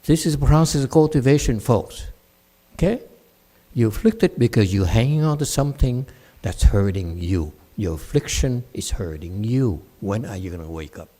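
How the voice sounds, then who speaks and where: Non-native english speaking meditation teacher guy, blunt, scolds his students, pitch jumps all over, loud one sec then muttering. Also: expressive, moderate pace. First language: Chinese. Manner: blunt, scolding, mocks students' excuses in voiced quotes; swings between loud outbursts and quiet muttering. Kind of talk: dharma talk answering students.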